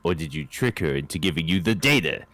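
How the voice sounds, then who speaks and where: A man's voice: sits low, lively intonation, fast, fairly bright tone, dry recording. A man reading and acting out a detective's lines in a video game, joking and laughing between lines. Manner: joking, laughs often, reads lines aloud. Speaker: game player voicing the detective.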